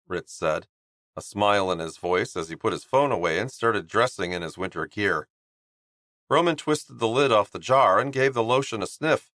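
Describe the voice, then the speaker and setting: A man narrating an audiobook in a steady, even storytelling manner on a close studio mic. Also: fairly low pitch, normal speed, dry recording. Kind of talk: scripted narration.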